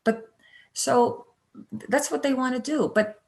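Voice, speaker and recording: A middle-aged psychologist giving a conference lecture, conversational and animated, acting out parents and children in little quoted voices. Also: female voice, high voice, takes it slowly, creaky. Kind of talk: lecture with slides.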